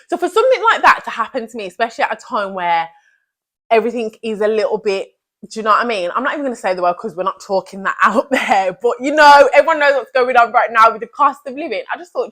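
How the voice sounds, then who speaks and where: A woman's voice: fairly high pitch, expressive, fast talker, fairly bright tone. A young woman giving an earnest, emphatic motivational talk as a vlogger, repeating her key phrases.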